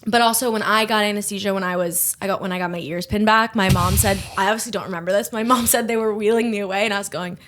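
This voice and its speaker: A woman co-hosting a podcast, telling stories in an animated way and casually swearing. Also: fast talker, few pauses, slight background noise. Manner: animated storyteller, jumps high for quoted bits, swears casually. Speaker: podcast co-host. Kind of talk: casual chat.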